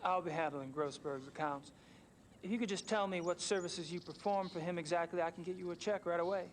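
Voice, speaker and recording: Gabriel Knight, a smooth-talking man voicing a detective. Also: high voice, fairly even intonation, fairly quick, natural voice. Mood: persuasive. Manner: smooth, persuasive.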